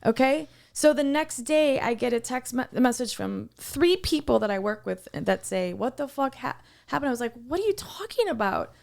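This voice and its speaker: On a podcast she co-hosts, a woman recounts a workplace story in casual, heated talk, swearing constantly. Her voice sits on the high side with vocal fry, moving at a moderate pace with hardly any pauses. The retelling is animated and fired up.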